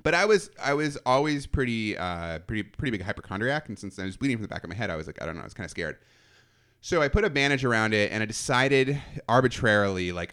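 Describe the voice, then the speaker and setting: A man's voice: fairly low pitch, animated, quick pace, fairly bright tone, smooth. A man telling a self-mocking story from his college days in a casual chat, laughing often. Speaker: podcast storyteller.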